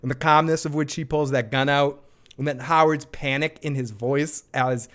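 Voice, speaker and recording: Excited rambling man reviewing a TV episode. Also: fairly high pitch, moderate pace. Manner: excited, rambling, repeats himself and swears. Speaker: show host. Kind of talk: live episode review chat.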